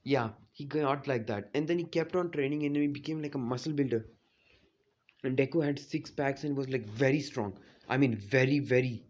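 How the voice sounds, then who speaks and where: A man's voice: mid-range voice, normal speed, darkish tone. Man, casual rambling storyteller, lots of fillers, slightly muffled lo-fi sound. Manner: rambling, heavy on "you know, like" fillers. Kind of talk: casual retelling of a fan story.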